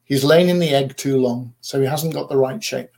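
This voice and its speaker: A man's voice: medium pitch, moderate pace, creaky, darkish tone, lightly acted. A man voicing a fussy, proud mother duck who scolds, bosses and protects her brood in a storybook reading. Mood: pleading.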